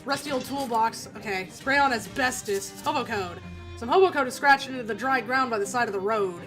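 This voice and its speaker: A woman streamer playing a game, reading its text aloud in a chatty, giggly, halting way. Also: a little high, a bit bright, faint music behind.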